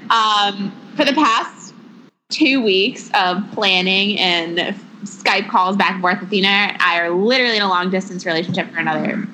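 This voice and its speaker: A young woman in her twenties co-hosts a casual podcast, her voice bright and sharp. She chats and giggles freely, her sentences loose and full of fillers. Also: mid-range voice, normal speed, slight background noise, low-quality recording. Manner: giggly, chatty, lots of "like". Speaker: podcast co-host. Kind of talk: casual chat.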